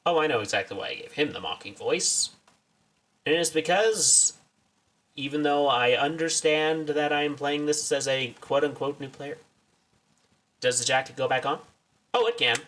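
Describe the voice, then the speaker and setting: A man's voice: a little high, moderate pace, long pauses, fairly bright tone, distant mic. A man giving casual, wry commentary while streaming a game, full of self-mocking asides.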